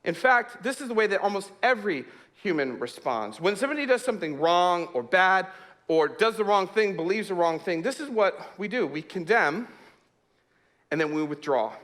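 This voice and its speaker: A man telling a humorous personal story to an audience, laughing often and dropping to a hush for suspense. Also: high-pitched. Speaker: speaker.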